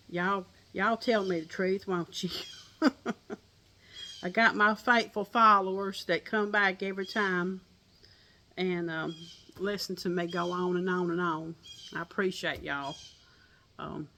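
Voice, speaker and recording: A woman's voice: on the low side, a bit bright, a little hiss or hum. An older woman with a Southern accent, chatting folksily to her viewers outdoors on a porch and laughing often. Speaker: crochet vlogger. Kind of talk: casual chat to viewers.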